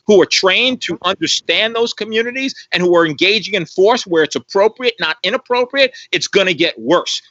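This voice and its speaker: A man's voice: high voice, pushed and bright, dry recording, muffled recording. A man speaking as an interview guest on a live stream, emphatic and repetitive, asking rhetorical questions. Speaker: guest commentator on policing.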